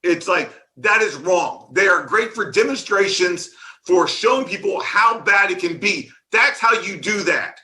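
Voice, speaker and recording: Male conference speaker, high bright voice, sarcastic and animated rant on stage. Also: a little slow. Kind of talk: conference talk.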